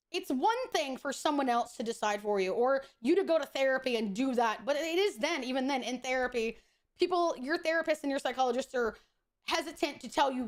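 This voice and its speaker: A woman streamer chatting casually while gaming, blunt, profane and opinionated. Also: high voice. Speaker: VTuber streamer.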